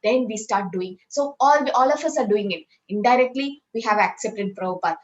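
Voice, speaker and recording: A woman's voice: fairly high pitch, brisk, lo-fi sound, a little hiss or hum. A woman from India, teaching a scripture class in a conversational way and often checking with "right?".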